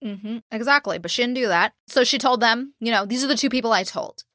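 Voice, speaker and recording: A woman's voice: fairly high pitch, brisk, sharp tone, no room sound, clean studio sound. A young woman hosting a true crime podcast, retelling a case in casual talk, swearing freely and acting out quotes. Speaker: podcast host.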